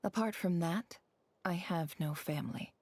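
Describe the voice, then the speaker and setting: A gravelly, cryptic desert wanderer. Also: female voice, measured pace, darkish tone, dry recording. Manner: terse, cryptic, low-spoken. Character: mysterious young woman from the desert. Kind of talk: game voice acting.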